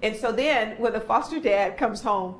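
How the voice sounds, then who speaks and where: A woman's voice: fairly high pitch, normal speed. Woman trainer leading a workshop. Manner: animated, acts out kids' voices in stories. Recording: echoey room with faint noise.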